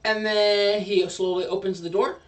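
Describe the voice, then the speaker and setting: A man's voice: high-pitched, steady tone, moderate pace, recorded from a distance. A man narrating a tabletop game as dungeon master, rambling and hesitant.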